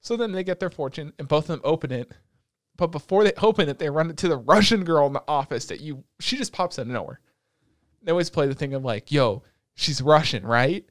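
A young man in casual chat, retelling anime episodes with lots of swearing, and slipping into quick put-on voices for the characters. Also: on the high side, no room sound, clean studio sound. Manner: profane, animated storytelling with quick put-on voices. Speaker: podcast co-host recapping an anime.

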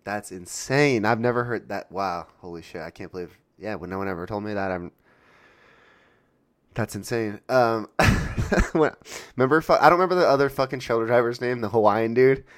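A man's voice: lowish voice, expressive, moderate pace. A man hosting a casual chat, reacting with surprise and frequent swearing. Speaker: podcast host.

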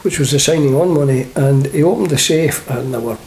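A man's voice: medium pitch, brisk, darkish tone, slight background noise. An older man with a Scottish accent, a former footballer telling humorous anecdotes in an interview and laughing along. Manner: chatty, humorous, laughs at his own stories. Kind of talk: anecdotal storytelling.

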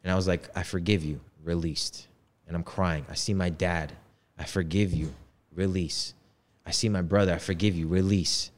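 A man's voice: low-pitched, fairly even intonation, normal speed. A man in his twenties telling a personal story in casual, slangy talk. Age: 20s. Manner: laid-back slangy talk. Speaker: podcast guest.

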